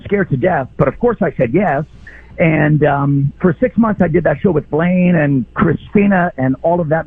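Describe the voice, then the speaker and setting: A radio host calling in to a station, talking in a heartfelt, reminiscing way. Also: male voice, fairly high pitch, creaky, husky, no room sound. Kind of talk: call-in radio chat. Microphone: telephone. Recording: tinny phone line on radio.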